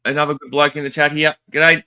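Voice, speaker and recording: A man's voice: fairly high pitch, fast, smooth. An Australian man co-hosting a casual toy livestream, joking around and greeting people in the chat one after another. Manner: lively, jokey, rattling off greetings.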